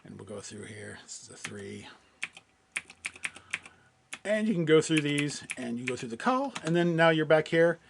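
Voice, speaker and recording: A man presenting a software webinar, walking through a live screen-share demo in a loose, conversational way with many fillers and restarts. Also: on the high side, very animated, measured pace, gravelly, long pauses, heavy background noise.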